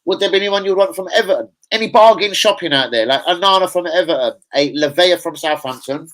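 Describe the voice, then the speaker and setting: Slangy, swearing fan. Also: male voice, high-pitched, lively intonation, quick pace, a bit bright, low-quality recording. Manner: swearing, slangy, rambling and chatty. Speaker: football fan channel host. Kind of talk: casual live-stream reaction chat.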